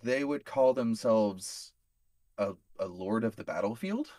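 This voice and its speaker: A man's voice: on the low side, unhurried, dark tone, no echo. A man playing a tabletop role-playing game, talking hesitantly with many fillers. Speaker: player. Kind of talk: casual tabletop role-play.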